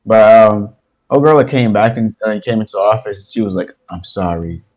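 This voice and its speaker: A young man co-hosting a casual podcast, telling a story in an animated way, swearing and laughing as he goes. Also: on the low side, a little fast, poor audio. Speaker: podcast co-host.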